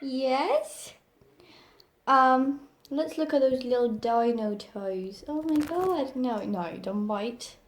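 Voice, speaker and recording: High, sing-song woman coaxing her pet. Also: lively intonation, takes it slowly, a little hiss or hum. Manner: sing-song, coaxing, repeats short cues. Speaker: pet owner training her parrot. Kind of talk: playful baby talk to a pet.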